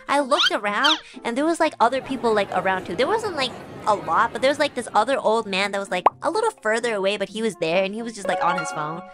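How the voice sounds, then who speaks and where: A young woman streamer telling a story to her viewers in a rambling, animated way, full of fillers. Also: on the high side, fairly quick, over music.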